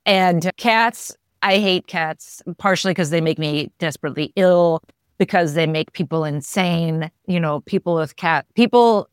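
A man's voice: a little high, unhurried, clear, resonant tone, dry recording, studio quality. A middle-aged man co-hosting a casual chat, rambling wryly about pets and allergies. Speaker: podcast co-host.

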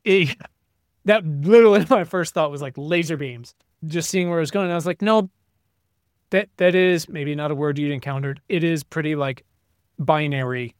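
A man's voice: fairly high pitch, normal speed, clear, resonant tone, no echo, studio quality. A middle-aged man co-hosting a casual chat, telling a profane, ranting story about his kids. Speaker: podcast co-host.

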